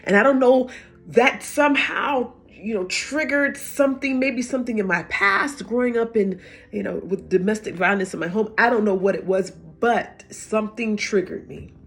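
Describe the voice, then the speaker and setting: A middle-aged woman telling her own hard story as emotional testimony, halting and repeating words as she goes. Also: mid-range voice, breathy edge. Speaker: vlogger sharing a personal story.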